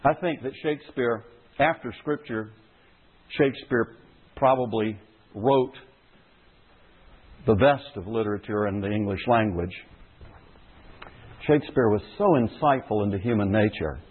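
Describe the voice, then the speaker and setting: A man's voice: on the low side, measured pace, long pauses, breathy edge. A man preaching a sermon as a pastor, speaking with emphasis and repeating key phrases for stress. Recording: tinny phone-like audio.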